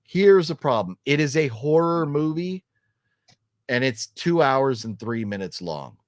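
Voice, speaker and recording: A middle-aged man with a mid-range, sing-song voice and an unhurried pace chats on his casual vlog about a horror movie trailer. He wanders through his opinions with lots of ums and restarts, and performs the quoted lines while telling the story. The studio sound is clean, with no room noise.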